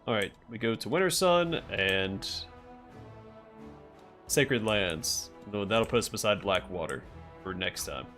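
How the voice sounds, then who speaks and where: Low-voiced man musing over a game. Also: lively intonation, unhurried, pauses often, a bit bright, faint music behind. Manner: musing, thinking aloud with fillers. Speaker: game streamer. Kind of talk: casual gameplay commentary.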